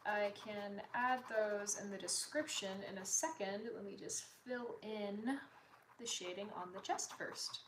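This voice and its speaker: With a medium-pitched voice and a measured pace, this woman talks casually to her livestream audience as an artist streamer. She reads viewer comments out loud and apologizes frequently, with a noisy background and a distant mic in a roomy space.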